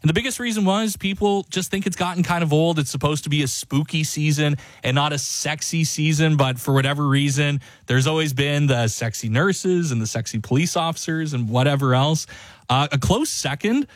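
A man's voice: a little high, fairly quick, no room sound. A man hosting a radio show, chatting casually and jokingly and chuckling between lines. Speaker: radio host. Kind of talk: casual radio host chat.

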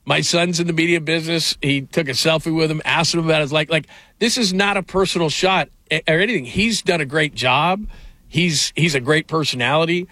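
Middle-aged male sports talk host, chatty storyteller, slightly raised pitch, dry close mic. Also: brisk, sharp tone, no room sound. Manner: rambling storyteller, frequent fillers and restarts, laughs often.

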